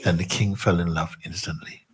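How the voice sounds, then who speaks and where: A man giving a spiritual talk, telling a story in an unhurried, playful way. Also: sits low, flat delivery, slight background noise. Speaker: spiritual teacher.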